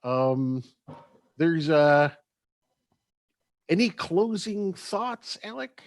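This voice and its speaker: A man with a rather high, animated voice moderates a convention panel over a video call, sounding dry and close. He halts often, draws out his uhs, and slips in joking asides.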